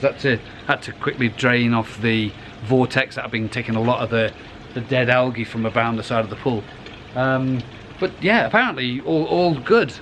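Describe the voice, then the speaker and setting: Middle-aged guy rambling by his pond outside, mid pitch, bit of faint noise behind. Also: a bit bright. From United Kingdom. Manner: rambling and chatty, restarts phrases. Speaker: koi pond vlogger. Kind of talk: casual vlog. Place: outdoors by a garden pond.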